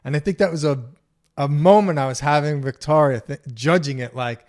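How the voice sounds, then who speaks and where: A man's voice: on the high side, fairly quick, darkish tone. Joking, laughing male podcast co-host. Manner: joking, teasing, laughs often. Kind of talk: casual chat.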